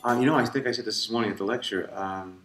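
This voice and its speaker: A man's voice: lowish voice, fast, faint music behind. A middle-aged man, telling a rambling story in a casual interview, tired and full of fillers. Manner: rambling, animated, many fillers and restarts. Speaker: ventriloquist interviewee. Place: convention room. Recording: echoey room, voice from far off.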